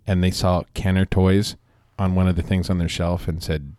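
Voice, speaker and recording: A man co-hosting a casual podcast, cracking dry jokes in a deadpan way. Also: low-pitched, moderate pace, clear, resonant tone, no room sound. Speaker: podcast co-host. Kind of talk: casual chat.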